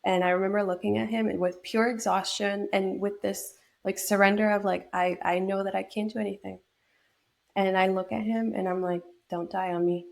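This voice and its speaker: A woman's voice: mid-range voice, level tone, normal speed, creaky. A young woman from New York state, a podcast guest telling a personal story in a reflective way, with many fillers and restarts. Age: young adult.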